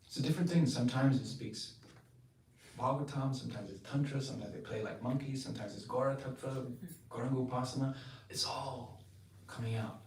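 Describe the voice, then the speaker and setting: Chatty spiritual storyteller guy, animated, lots of laughs, echoey room, mic far away. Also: medium pitch, a little fast. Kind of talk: devotional storytelling talk. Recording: roomy, distant mic, faint noise.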